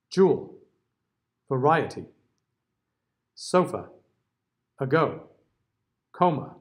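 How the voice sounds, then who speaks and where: A middle-aged man with a fairly high speaking voice, teaching a diction class for singers. He reads vowel word lists slowly and deliberately. He keeps checking in with his students. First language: English. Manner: checks in often with "okay?" and "all right?". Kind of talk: classroom lecture.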